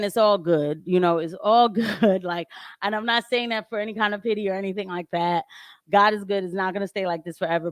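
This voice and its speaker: A woman with a fairly low voice gives casual, emphatic livestream commentary, talking animatedly and laughing often. She uses a home microphone that has audio trouble, though the recording is dry and of studio quality.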